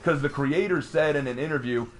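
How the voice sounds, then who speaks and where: A man streaming a game, ranting casually in an animated, mocking way, with frequent restarts and stammered repeats. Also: fairly high pitch, fairly quick.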